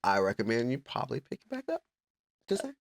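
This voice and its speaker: A man's voice: medium pitch, huge pitch swings, quick pace, gravelly, dry recording, clean studio sound. A man hosting a casual interview show in a playful, corny, encouraging way. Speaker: podcast host.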